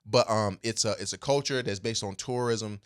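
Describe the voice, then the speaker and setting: A man's voice: fairly low pitch, moderate pace, clean tone. A man co-hosting a podcast, telling a story in a loose, rambling way with many fillers and restarts, and laughing easily. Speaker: podcast co-host. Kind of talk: casual chat.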